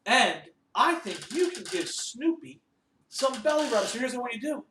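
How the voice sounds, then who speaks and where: A male music teacher leading a children's lesson, giving lively sing-song directions. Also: extremely high pitch, moderate pace. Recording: roomy echo, distant mic, faint noise.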